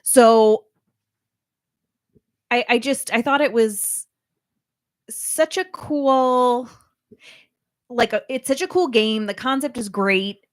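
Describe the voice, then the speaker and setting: A woman chatting casually on a podcast, restarting her sentences and leaning on fillers as she works out what she means. Her voice sits a little high. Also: slow, pauses often. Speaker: podcast co-host.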